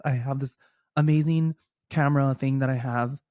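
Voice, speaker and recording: A young man hosting his own podcast from a room at home, talking casually at a desk microphone in a chatty, animated way, full of fillers. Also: mid-range voice, moderate pace, no room sound. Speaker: podcast host. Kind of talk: casual chat.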